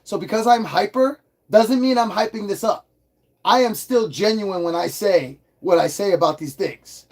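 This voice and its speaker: A man's voice: high voice, moderate pace. Hyper, swearing man reviewing toys. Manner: hyper, excitable, swears freely. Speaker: toy reviewer. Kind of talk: casual livestream toy review.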